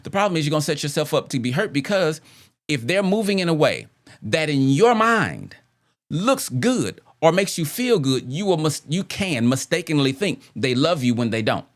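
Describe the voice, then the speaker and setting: Lively-voiced man giving relationship talk. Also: on the high side, moderate pace. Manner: conversational, repeats phrases, rhetorical questions. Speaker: podcast host.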